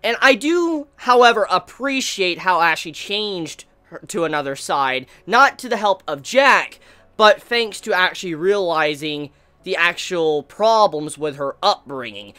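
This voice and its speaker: A casual video reviewer talking excitedly and rambling about an animated episode, using lots of filler and swearing freely. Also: medium pitch, unhurried, smooth. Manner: excitable, laughing, swears a lot; rambling, fond of "like" and "yo".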